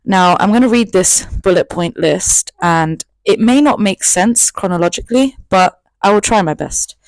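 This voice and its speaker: A woman's voice: medium pitch, normal speed, dry recording. A woman in her twenties telling a personal story in a chatty, candid, self-mocking vlog. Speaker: vlogger.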